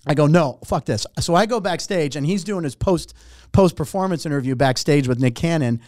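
A middle-aged man, a warm-up comedian, telling a story in casual chat, animated and profane, acting out what people said. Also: a little high, brisk, no echo, clean studio sound. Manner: animated, profane, acts out quotes.

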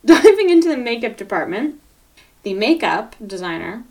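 A woman's voice: a little high, a little mellow, far from the mic. A woman co-hosting a podcast in casual chat, enthusiastic and teasing as she talks through a show. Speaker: podcast co-host.

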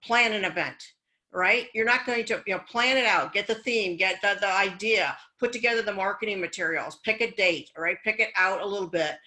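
Bright-voiced woman coach chatting candidly. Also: medium pitch, fairly quick, low-quality recording. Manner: candid and encouraging, personal stories. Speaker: business coach and event host. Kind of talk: casual business chat.

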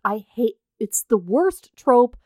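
Animated ranting woman. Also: a little high, slow, no echo, studio quality. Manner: animated, ranting, mocking voices. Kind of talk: casual chat recapping a film.

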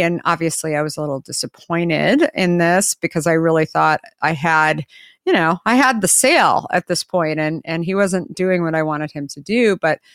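Woman, company founder, interview guest, animated storyteller, acts out quotes, smooth clear voice, dry close sound. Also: deep voice, dry recording. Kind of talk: anecdotal storytelling in conversation.

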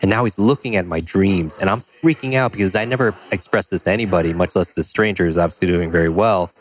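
A man telling a personal story as a podcast guest, animated and full of "like" and "you know". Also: low voice, quick pace. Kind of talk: storytelling in a conversational interview.

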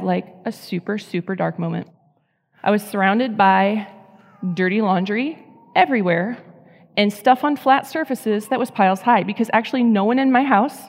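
Animated woman speaking in a reverberant hall. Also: mid-range voice. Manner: animated storytelling with audience questions. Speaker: speaker at a women's faith event. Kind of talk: personal faith talk to a live audience.

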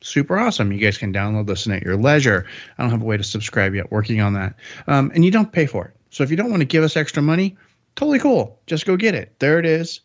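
A man's voice: mid-range voice, very animated, quick pace. A man hosts a podcast in an easygoing, rambling way. He keeps the talk upbeat and often corrects himself mid-sentence. The recording sounds a little dull and lo-fi. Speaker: podcast host. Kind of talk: casual podcast chat.

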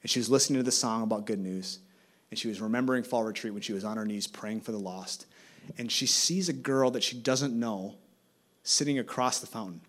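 A man's voice: lowish voice, a little fast. A male campus ministry guest speaker giving a sermon in a church, telling stories and building to an urgent call. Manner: animated, rising to urgent exhortation. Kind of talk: sermon with storytelling. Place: church service.

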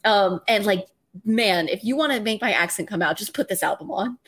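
A woman from North Carolina, a guest on a podcast, talking in a lively, chatty way. Her voice sits at a middle pitch, and she laughs easily. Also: brisk, slightly rough. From Raleigh, North Carolina. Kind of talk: casual podcast chat.

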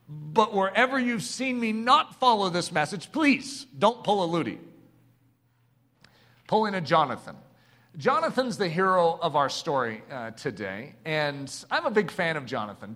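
A middle-aged man preaching a sermon, passionate and building to emphatic shouts. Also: high-pitched.

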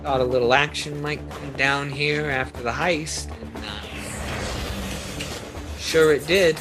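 A man doing a gruff, suspicious gunslinger. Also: a little high, steady tone, a little slow, over music, close to an everyday voice. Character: armed, suspicious gunslinger, threatens to shoot.

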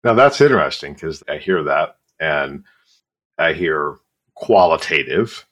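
A man's voice: very deep voice, expressive, unhurried, fairly bright tone. A man hosting a podcast interview, asking curious, prompting questions of his guest. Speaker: podcast host.

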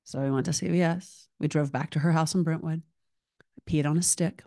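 A woman in her thirties hosts her own podcast, talking straight into a close microphone in a dry, unechoing room. She is animated and emotional, chatty and candid, tossing in "like" as she goes. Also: sits low, fairly quick, dry recording. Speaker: podcast host. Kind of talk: solo podcast monologue.

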